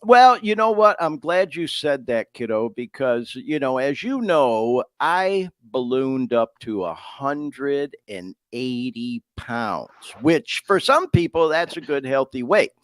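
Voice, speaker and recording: A middle-aged man from Detroit hosting a podcast, talking casually with emotion and folksy warmth. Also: medium pitch, very animated, takes it slowly, few pauses, dry recording, clean studio sound. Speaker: podcast host.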